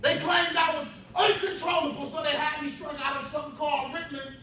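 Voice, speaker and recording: A man's voice: extremely high pitch, flat delivery, fairly quick. Impassioned man doing rhythmic spoken word. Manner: impassioned, rhythmic repetition with shouted peaks. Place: youth summit hall. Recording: echoey hall from far off with faint ambience.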